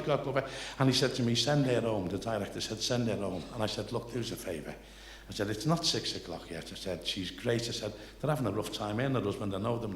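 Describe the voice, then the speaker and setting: An older man with a Liverpool accent telling rambling, salty anecdotes live on stage, building excitement toward each punchline. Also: mid-range voice. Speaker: comedian telling stories. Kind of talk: live stand-up storytelling. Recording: echoey live venue, faint noise.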